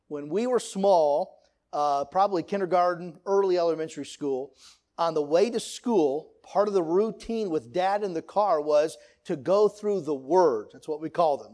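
A man's voice: a little high, a little mellow. A middle-aged man teaching a church Sunday school class, telling stories and chanting remembered phrases with emphasis. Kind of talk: church lesson.

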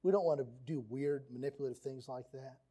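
A man's voice: medium pitch, a little fast, dark tone. A man preaching a sermon on marriage, earnest and emphatic, reading quotes and scripture aloud. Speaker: pastor.

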